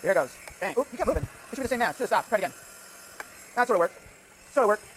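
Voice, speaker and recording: A man's voice: high-pitched, expressive, rapid-fire, fairly bright tone, a little hiss or hum. A man lecturing on physics in a lecture hall, thinking aloud with frequent restarts and "right?" checks as he runs a live demonstration. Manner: thinks aloud, many restarts and tag questions. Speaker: physics professor.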